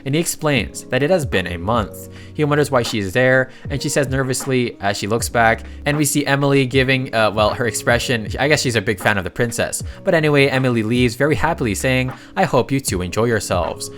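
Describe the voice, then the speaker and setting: A man's voice: mid-range voice, a little fast, few pauses, fairly bright tone, faint music behind. A man narrating a casual recap of a comic story, reading the characters' lines in his own voice and adding chatty asides.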